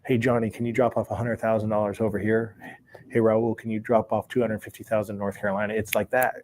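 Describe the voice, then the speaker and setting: A man's voice: fairly low pitch, fast, slight background noise. A man, a former sports bookie, casually telling a long story and acting out the dialogue he recalls. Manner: relaxed, acts out quoted dialogue, chuckles between lines.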